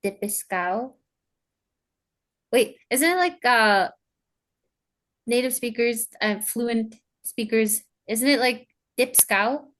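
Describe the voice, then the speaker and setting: A woman's voice: fairly high pitch, takes it slowly, pauses often, a bit bright. A woman student asking a hesitant question in a class.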